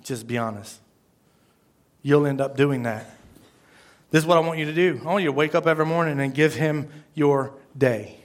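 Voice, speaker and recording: A man preaching a sermon as pastor, talking to the congregation conversationally, with restarts and sudden loud rises. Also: a little high, moderate pace, pauses often.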